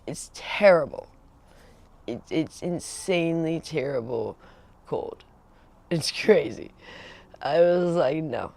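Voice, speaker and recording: A woman's voice: low-pitched, expressive, slow, creaky, pauses often, darkish tone. A woman hosting a home livestream, chatting in a rambling, casual way, laughing often and acting out the voices of people she quotes. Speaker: livestream host.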